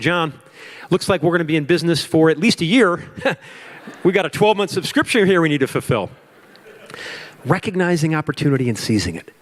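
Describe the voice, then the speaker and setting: A middle-aged man from Chicago giving a keynote talk, telling a lively business story and acting out his own panic and phone calls, now and then asking the audience questions. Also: medium pitch. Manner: animated, acts out his own panic and quotes. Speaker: speaker at a business forum.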